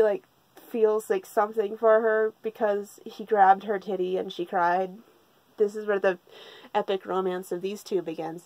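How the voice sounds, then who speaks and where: A woman tells a manga story with heavy sarcasm and plenty of swearing. She rambles, restarts her sentences and mocks what she describes. Her voice sits at an ordinary pitch, recorded close and dry. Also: darkish tone, dry recording, poor audio. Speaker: manga reviewer. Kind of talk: casual spoken recap.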